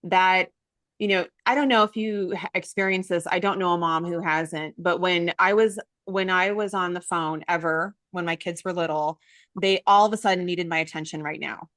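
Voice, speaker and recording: A woman in her forties hosting an interview, emotional and gushing, quick to cut in with her own stories. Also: on the low side, steady tone, fairly bright tone, dry recording, studio quality. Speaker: summit host. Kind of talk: casual interview chat.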